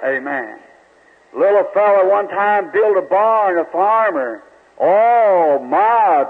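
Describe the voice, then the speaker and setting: Preacher, high voice, folksy stammering storyteller, tinny old tape. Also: male voice. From United States. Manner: folksy storytelling, stammering repeats, quick rises and laughs. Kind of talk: sermon.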